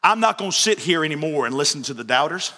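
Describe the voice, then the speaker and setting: A woman's voice: sits low, lively intonation, quick pace, sharp tone, big-room sound, voice pushed down, heavily acted. A man voicing a resolute, determined childless woman who has decided to stand up, in a sermon. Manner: firm, determined.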